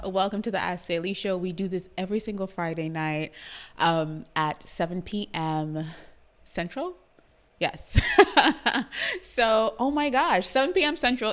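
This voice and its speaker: A woman with a Trinidadian accent hosting a live-streamed talk show, bubbly, laughing often and greeting her viewers by name. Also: mid-range voice. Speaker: livestream show host.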